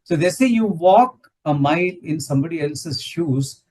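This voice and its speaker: A man's voice: fairly high pitch, animated, moderate pace, warm tone, recorded from a distance, poor audio. A man explaining ideas in a spiritual talk, often checking in with "right?". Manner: explanatory, ends points with "right?". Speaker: satsang speaker.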